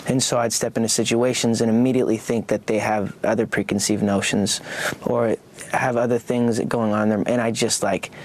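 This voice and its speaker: A young man talking in a casual, halting way as an interview guest, full of fillers and restarts. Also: fairly low pitch, level tone.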